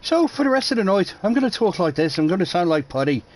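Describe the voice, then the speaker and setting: A hammy stage-Irish fellow with a bouncy, sing-song lilt, pitched well up from an ordinary speaking voice, as a man puts him on. He sounds cheery and overdone, the accent laid on thick. The voice belongs to a jokey caricature. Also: very animated, quick pace, a little mellow. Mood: playful. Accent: put-on Irish.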